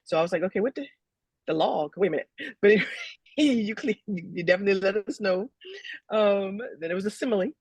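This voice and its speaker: A woman's voice: mid-range voice, brisk, darkish tone, breathy edge, no room sound. A woman who is a talent manager, giving upbeat feedback to an actor and repeating her points. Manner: upbeat, laughs, repeats herself.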